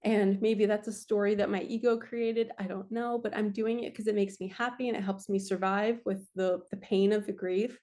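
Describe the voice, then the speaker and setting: A woman's voice: mid-range voice, fairly even intonation, moderate pace, hardly any pauses, dark tone. A woman, earnestly giving a casual spiritual card reading. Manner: earnest, emotional, spiritual-coaching talk. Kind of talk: casual tarot-style energy reading.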